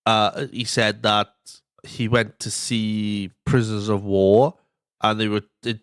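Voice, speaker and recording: Lowish-voiced man, rambling podcast chat. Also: little pitch movement, slow pace, a bit bright, clean tone, no room sound, clean studio sound. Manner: rambling, swearing, exasperated. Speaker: podcast co-host.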